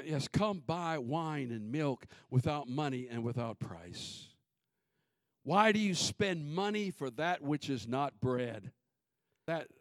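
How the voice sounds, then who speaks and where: Shouting high-pitched preacher, swings wildly. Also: male voice, no room sound, clean studio sound. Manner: shifts between shouted preaching and quick conversational asides. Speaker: pastor. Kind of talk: sermon.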